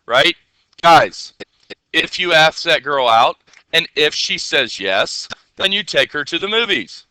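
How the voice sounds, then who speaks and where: A male teacher giving a classroom coding lesson, energetic and constantly checking in with rhetorical questions. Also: a little high, smooth, dry recording, poor audio.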